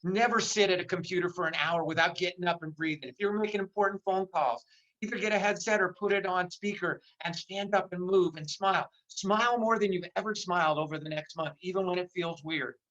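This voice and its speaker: This is a motivational speaker, an older man talking with real passion in a virtual seminar and repeating phrases for emphasis. His voice sits high and sounds a bit bright, with a brisk pace. The video call leaves the audio dull.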